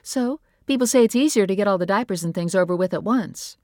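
An emotional young wife, as a woman reads her in a storybook, with a voice raised higher, urgent and pleading. The sound is close and dry, with no room echo. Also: fast talker, a little mellow, lightly acted.

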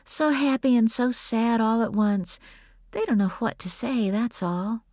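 In a read story, a woman voices a pharmacist who is a blunt but caring adult sister, speaking insistently yet with a gentle mood. Her voice is on the high side, animated, and at a moderate pace, pitched above her own voice while still sounding natural. The sound is clean studio audio with no room sound.

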